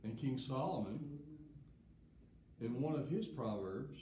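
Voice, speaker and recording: A man from the South, giving a plain, deliberate devotional talk with short stories. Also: medium pitch, expressive, dark tone, a little hiss or hum. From Southern United States. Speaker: preacher. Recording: echoey room.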